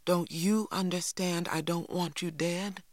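A man reading as a grim, quiet farmer father. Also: fairly even intonation, a little slow, no room sound. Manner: low, quiet, clipped. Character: stern Black farmer father, weary, determined.

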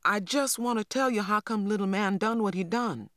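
A woman's voice: mid-range voice, normal speed, fairly bright tone, no room sound, studio quality, voice pushed up, natural voice. A woman voicing an upset young schoolgirl who pleads urgently with her teacher, as in an audiobook. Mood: urgent pleading. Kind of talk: audiobook character voice.

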